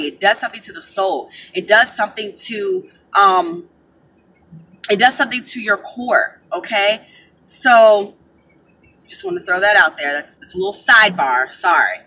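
A woman giving casual spiritual advice to her viewers, chatty and animated, calling them y'all, recorded on a camera mic. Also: mid-range voice, slightly rough, low-quality recording. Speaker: spiritual advisor.

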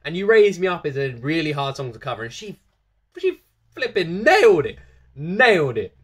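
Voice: mid-range voice, sing-song, normal speed, fairly bright tone, slightly rough. A reaction video host talking casually to camera, gushing over a singer, repeating phrases again and again and breaking into laughter.

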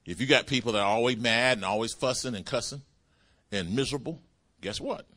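A man preaching a sermon as pastor, calling out hallelujah and praise the Lord as his pitch swings up and down. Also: brisk, sharp tone. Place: church sanctuary.

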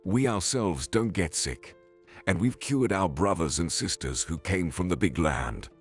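A man voicing a calm, persuasive woman healer from a commune, speaking in a soothing, insistent way. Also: deep voice, unhurried, husky, faint music behind, full character voice.

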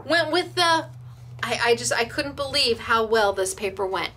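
A woman's voice: on the high side, animated, moderate pace, sharp tone, slight background noise. A woman hosting a craft shop demo, chatting in a bubbly, gushing way and laughing often as she shows products. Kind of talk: live product demo chat.

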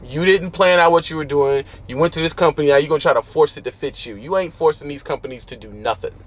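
A man's voice: fairly high pitch, fast. A man who drives a truck, giving blunt, preachy advice in street slang from his truck cab. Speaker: trucker vlogger.

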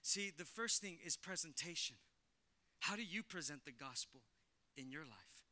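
A man preaching a sermon as pastor in a church, energetic, stammering repeats and acted-out quotes. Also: a little high, moderate pace. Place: church sanctuary.

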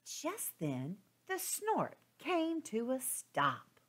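A woman teacher reading a picture book to young children. Her voice is fairly high and moves with very wide, lively swings of pitch. She takes her time, reading slowly and expressively. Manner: slow, expressive, sing-song. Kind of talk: storybook read-aloud for children.

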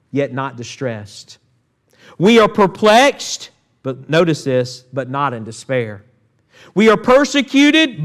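Pastor, male, slightly high voice, preaching a midweek sermon with calls to the church. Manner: preaching with call-outs to the church and Scripture readings. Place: church sanctuary.

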